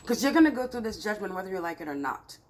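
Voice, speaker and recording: A woman's voice: medium pitch, sing-song, fast talker, poor audio. Exasperated woman giving a tarot reading. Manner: emphatic, scolding, exasperated pleading. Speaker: tarot reader. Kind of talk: spiritual reading to camera.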